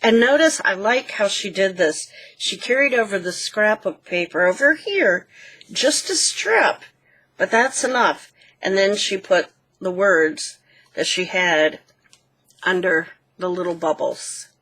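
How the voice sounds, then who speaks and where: A woman hosting a craft channel, gently walking through a handmade book page by page and pointing out details. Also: medium pitch, expressive, measured pace, breathy edge. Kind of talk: casual show-and-tell walkthrough.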